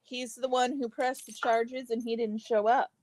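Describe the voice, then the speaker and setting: A woman hosting a relaxed live stream, chatting casually with viewers and answering their comments while eating. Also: fairly high pitch, normal speed, poor audio. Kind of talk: casual chat reading comments.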